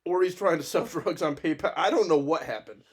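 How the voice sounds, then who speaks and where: A man co-hosting a podcast, telling a wild anecdote in casual chat, animated and profane, laughing often. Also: on the high side, fairly quick, husky. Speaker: podcast co-host.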